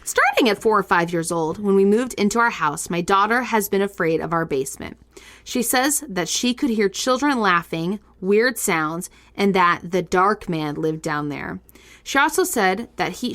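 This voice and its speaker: Woman on a casual podcast, reading spooky listener stories aloud in an animated way. she breaks off with quick reactions and laughs, then goes back to the reading. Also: mid-range voice. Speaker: podcast co-host.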